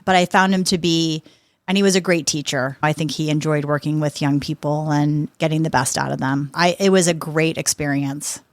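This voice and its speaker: A woman in her fifties, a guest on a podcast, telling lively anecdotes and acting out what people said. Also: low voice, normal speed, no echo. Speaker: podcast guest, sports executive. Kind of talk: conversational interview storytelling.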